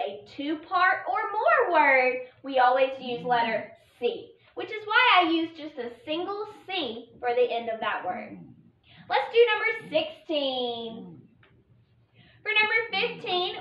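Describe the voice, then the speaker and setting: A high-pitched woman with a bouncy, sing-song voice teaches young children phonics, stretching out each syllable as she sounds words out. She takes her time and praises her little learners often. The recording is roomy and slightly muffled. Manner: sounds out syllables slowly, warmly encouraging praise. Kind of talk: online phonics lesson for children.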